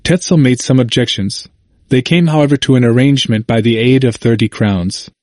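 Here a man with a mid-range voice reads history aloud for an audiobook, keeping a steady, deliberate rhythm. It's scripted narration captured as a dry, studio-quality recording.

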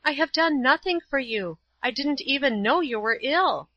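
A woman voicing a gentle, tearful young lady who pleads tenderly. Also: high voice, expressive, moderate pace, no echo, muffled recording, pitched above the performer's own voice. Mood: pleading.

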